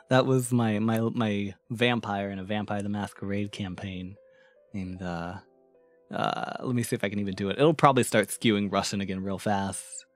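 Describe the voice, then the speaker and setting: A man streaming in a casual chat, thanking followers, rambling through fillers and restarts, and laughing often. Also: lowish voice. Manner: rambling, with frequent fillers and self-restarts, giggly.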